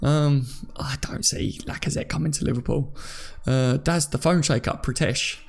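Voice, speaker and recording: A man's voice: on the high side, fairly even intonation, normal speed, gravelly. A young English man from near London, hosting a live stream and chatting casually while he reads viewer comments, joking and laughing often. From England.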